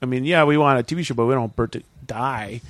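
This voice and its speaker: A man from Minnesota, a TV producer and podcast guest, chatting in a calm, matter-of-fact way with many fillers. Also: medium pitch, fast talker, no echo. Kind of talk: casual chat.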